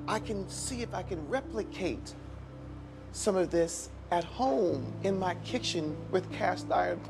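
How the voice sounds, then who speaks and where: A man from Washington, D.C., a chef and restaurant owner, telling his life story and acting out other people's lines. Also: mid-range voice. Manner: animated, acts out other people's lines in a raised voice. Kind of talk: personal storytelling. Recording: music playing underneath.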